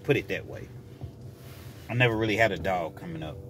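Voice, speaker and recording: A man's voice: lowish voice, fairly quick, slight background noise. A man telling a personal story casually, acting out scenes as he goes. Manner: animated, acts out scenes.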